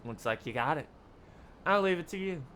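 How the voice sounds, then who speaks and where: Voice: mid-range voice, expressive, normal speed, a bit bright, a little hiss or hum. A streamer reading every character's dialogue from a video game aloud during a live playthrough, with laughing asides in between.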